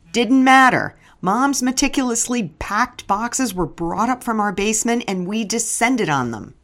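A middle-aged woman narrating her memoir in a wry, storytelling manner. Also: mid-range voice.

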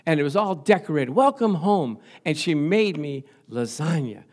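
An older male pastor preaches to his congregation in church, spinning humorous stories about married life. His voice sits a little high, and he laughs often and keeps asking the room "Amen?". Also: animated, moderate pace, a little mellow, a little hiss or hum. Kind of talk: humorous sermon.

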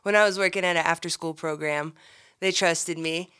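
A woman's voice: lowish voice, steady tone, normal speed, pushed and bright, smooth. Dry teasing woman telling a story. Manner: dry, teasing, laughs often. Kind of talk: casual storytelling chat.

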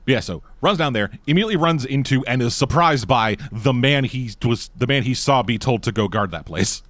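A man tears into a film in casual podcast chat, cursing freely and speaking bluntly. His pitch swings widely as he talks, and the sound is close and dry with no room around it. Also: a little fast, dry recording. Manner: profane, blunt, animated. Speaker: podcast co-host. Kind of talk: casual movie review chat.

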